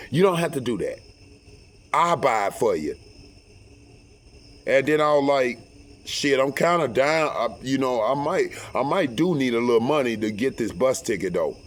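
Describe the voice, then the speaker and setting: Profane, animated man telling a story. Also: mid-range voice, slight background noise. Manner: profane, animated, acts out quotes loudly; repeats and restarts words. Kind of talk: casual storytelling.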